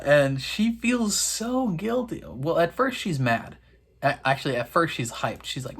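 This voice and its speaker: A man in casual reaction commentary, chatty and wry, laughing often and filling pauses with "um". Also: expressive, fairly bright tone, husky. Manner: acts out characters' lines in quick high voices. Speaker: reaction video host.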